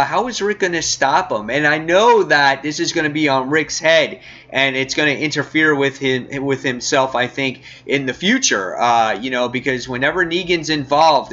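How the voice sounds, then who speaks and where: A man's voice: fairly high pitch, bright, forceful tone, muffled recording. A man giving a casual, chatty review of a comic book, with many fillers.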